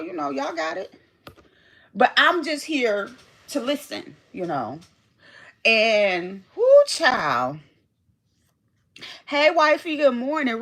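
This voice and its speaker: A woman's voice: high voice, fairly bright tone. A woman hosting her own livestream, chatting loosely with her viewers, reading their names from the chat, cursing freely and drifting from one point to the next. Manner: chatty, rambling, reads chat aloud, swears freely. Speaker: livestream host.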